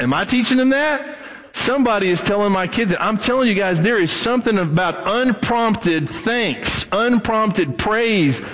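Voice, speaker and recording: A male pastor preaching a sermon, swinging his voice high and low and acting out the people he quotes. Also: a bit bright, big-room sound, rough recording.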